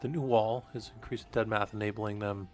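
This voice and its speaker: A man's voice: fairly low pitch, fairly even intonation, moderate pace, soft background music. A man reading research papers aloud on a live stream and commenting casually between passages, with fillers and restarts. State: coughing, hiccups.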